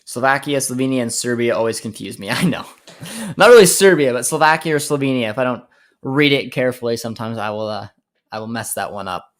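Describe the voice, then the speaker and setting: A man's voice: medium pitch, fast. A young man from Canada hosting a casual live stream, reading viewer comments aloud and answering them with frequent laughs. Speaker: host.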